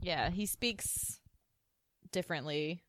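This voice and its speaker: A woman's voice: on the low side, slow, a crowd in the background. A woman co-hosting a podcast, casually recapping an episode and quoting characters. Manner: relaxed recapping, often quotes characters. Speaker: podcast co-host.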